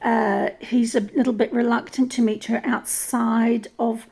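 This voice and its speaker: A woman's voice: fairly high pitch, little pitch movement, a little slow, creaky, dark tone. A woman from New Zealand or Australia, with that region's accent, giving opinion commentary in a thoughtful way, often restarting and repeating words.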